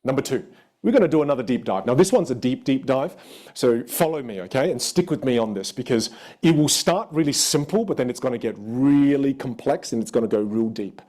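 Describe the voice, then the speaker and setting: An Australian man in his thirties teaches from a stage with a playful, emphatic energy. His pitch swings widely as he leans into key points, sounding lively and animated. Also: a little fast. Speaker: voice and communication coach.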